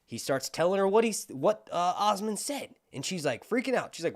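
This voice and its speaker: Man, livestream host, casual commentary, lively pitch, chatty, swears freely. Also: moderate pace, few pauses. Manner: animated, profane, chatty. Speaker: YouTube host.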